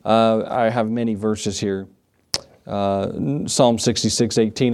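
A man's voice: fairly low pitch, steady tone, slow pace, darkish tone. A male pastor delivering an evening sermon to a small congregation. His voice climbs and presses forward whenever he acts out a pleading prayer, then settles back into plain teaching as he reads the verses aloud. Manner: impassioned preaching, rising for quoted prayers. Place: small church.

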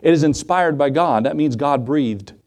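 Man, middle-aged, pastor preaching, slightly high voice, mellow tone, acts out quoted voices, rhetorical questions. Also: normal speed. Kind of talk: sermon.

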